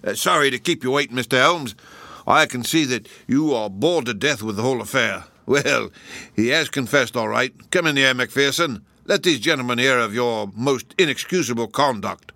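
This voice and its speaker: A man's voice: mid-range voice, normal speed, pushed and bright, dry recording, voice pushed up. A man voicing a brusque, self-important police inspector. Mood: pompous. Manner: brusque, pompous.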